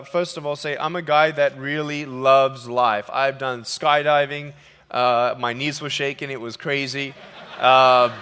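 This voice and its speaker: Give me an animated man joking through a sermon on a big stage, slightly high voice, reverberating hall. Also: clean tone. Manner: animated, jokey, acts out quotes. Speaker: motivational speaker. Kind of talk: humorous sermon storytelling.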